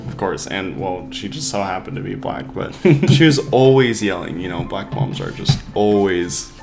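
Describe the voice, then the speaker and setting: A man's voice: deep voice, lively intonation, moderate pace, gravelly. A young man in casual chat as co-host, joking crudely and laughing often. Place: hot room. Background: guitar music.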